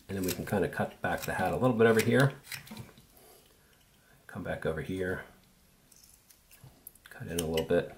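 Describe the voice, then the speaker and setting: A man with a very low voice walks through a hands-on tutorial in an unhurried, easygoing way, thinking aloud as he works. Faint clicks of tools sit behind him. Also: a little hiss or hum. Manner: relaxed, easygoing, thinks aloud while working. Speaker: woodcarving instructor. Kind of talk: casual step-by-step tutorial.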